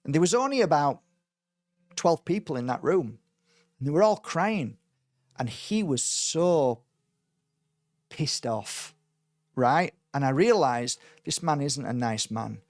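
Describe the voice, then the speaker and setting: A man, a spiritual teacher, telling a personal story in a casual way and acting out the quoted dialogue with lively energy. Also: fairly high pitch, slow, long pauses, no room sound. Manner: animated, acts out quoted dialogue.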